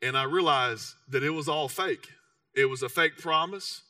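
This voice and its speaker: A man's voice: on the high side, moderate pace, pushed and bright, no room sound, studio quality, far from the mic. A man in his thirties from Texas with a Texan accent, preaching a sermon as a casual, self-mocking story full of "you know". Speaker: pastor.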